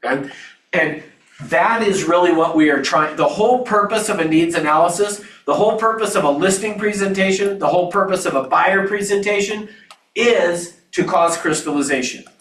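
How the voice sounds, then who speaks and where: A man leads a live training class, talking loosely and restarting his sentences as he explains. His voice sits a bit high for a man. He stands well back from the mic in an echoey training room. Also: normal speed, fairly bright tone, recorded from a distance. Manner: conversational, with restarts and asides. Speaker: real estate trainer.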